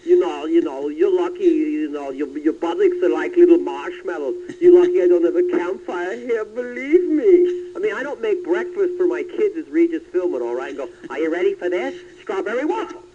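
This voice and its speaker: A man's voice: sits high, expressive, moderate pace, few pauses, warm tone, a little hiss or hum. An actor playing a testy male comedian on a phone call, rambling defensively and slipping into impressions. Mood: ranting. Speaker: celebrity guest in a quiz game.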